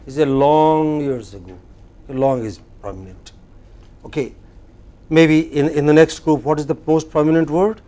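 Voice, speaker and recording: A man with an Indian English accent teaching a classroom lecture, slow and deliberate, often putting questions to the class. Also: fairly high pitch, mellow.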